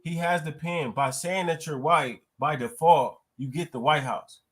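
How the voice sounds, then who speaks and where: A man's voice: a little high, unhurried. A man, arguing bluntly and profanely as a panelist in a heated debate. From United States.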